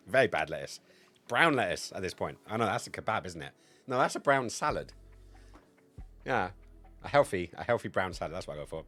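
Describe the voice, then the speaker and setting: A man's voice: low voice, sing-song, fairly quick, pauses often, fairly bright tone, soft background music. A man in his thirties chatting casually on a game livestream, rambling, crude and joking. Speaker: game streamer.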